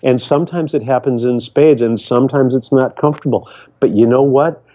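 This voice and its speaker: A man's voice: mid-range voice, fairly even intonation, a little fast, dark tone. An older man from Michigan, a podcast guest, telling a personal story in an earnest, rambling way with frequent restarts. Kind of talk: reflective storytelling. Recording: dull lo-fi remote audio.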